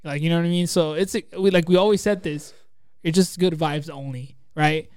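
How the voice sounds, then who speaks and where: A man's voice: fairly high pitch, steady tone, a little fast, a little mellow, clean tone, dry recording, clean studio sound. A young man hosting a podcast, chatting casually in a rambling way and laughing often, on a headset mic. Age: young adult. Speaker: podcast host. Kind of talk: casual chat.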